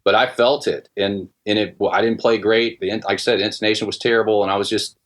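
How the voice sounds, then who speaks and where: A middle-aged man telling a personal story in casual podcast talk, halting with many restarts and fillers. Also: on the low side, steady tone. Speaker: guest musician.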